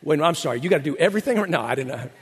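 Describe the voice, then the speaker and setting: A man preaching a sermon as pastor, animated, acting out quotes in playful voices. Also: a little high, rapid-fire, slightly rough, in a large hall.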